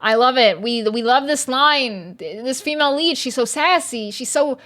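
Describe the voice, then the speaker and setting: A young woman streams into her mic with a slightly high voice. She rants about a book in casual chat, exasperated and sarcastic, with plenty of swearing. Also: lively intonation, normal speed, fairly bright tone. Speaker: VTuber streamer reviewing a book.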